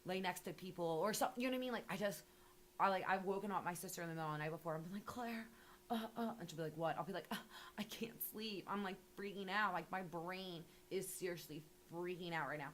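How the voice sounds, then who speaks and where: A woman's voice: fairly low pitch, fairly even intonation, fast, slight background noise. A young woman talking casually and animatedly, rambling with lots of filler words and swearing. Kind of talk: casual interview monologue.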